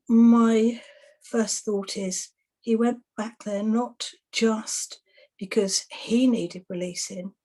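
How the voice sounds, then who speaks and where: A woman who works as an exorcist and soul rescuer, casually telling anecdotes about her past client sessions. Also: medium pitch. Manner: relaxed, chatty, recounting past client sessions.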